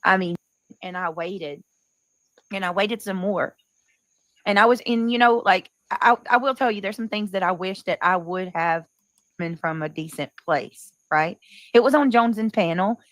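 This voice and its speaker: A woman hosting a casual livestream, talking in a rambling way and often clearing her throat. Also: mid-range voice, moderate pace, fairly bright tone, no room sound, poor audio. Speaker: livestream host.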